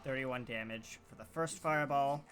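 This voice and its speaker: A man with a mid-range voice plays in a tabletop game. He is casual and hesitant, full of fillers. Music plays clearly behind him. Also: medium pitch, moderate pace, fairly bright tone. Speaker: player. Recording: voice over clear background music.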